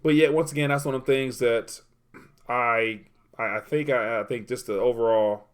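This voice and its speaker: A man's voice: mid-range voice, steady tone, moderate pace, smooth. A man hosting a casual livestream, reading viewer comments aloud and rambling while he looks things up. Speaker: livestream host.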